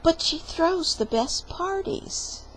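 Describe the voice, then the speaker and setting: A woman's voice: very high voice, animated, slow pace, a little hiss or hum, voice pushed up, heavily acted, low-quality recording. A woman voicing a cheeky, whiny young man who talks back with sassy remarks. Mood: chatty.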